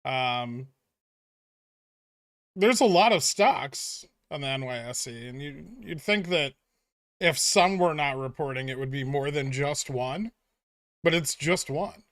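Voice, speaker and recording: A man's voice: mid-range voice, animated, takes it slowly, pauses often, fairly bright tone, dry recording. A man hosting a casual trading livestream, rambling through dry sarcastic jokes with plenty of fillers. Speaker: streamer host of a stock trading livestream.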